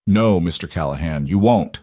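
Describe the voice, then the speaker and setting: A coolly polite mine boss villain, calm and menacing as he lays out his plans, read by a man. The voice sits low and the sound is dry and close. He stays smooth and unhurried in a western storybook reading. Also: dry recording. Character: cold, calculating male villain mine boss.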